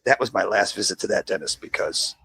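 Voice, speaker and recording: A middle-aged man co-hosting a podcast, telling a story in a casual, animated way and acting out the people in it with a high squeaky voice. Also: a little fast, creaky, a little hiss or hum. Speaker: podcast co-host.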